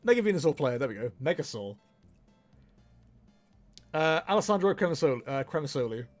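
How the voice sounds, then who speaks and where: A man's voice: a little high, sing-song, fairly quick, soft background music. A young man chatting casually on a livestream while he plays, laughing often and poking fun at himself. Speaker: streamer.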